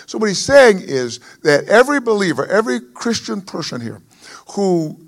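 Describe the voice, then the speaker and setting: A man with a high voice preaches a sermon. He pushes loud on the scripture lines and then drops to a quieter, conversational tone between them. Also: big pitch swings, normal speed, gravelly. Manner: emphatic preaching that swells and drops in volume. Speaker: pastor.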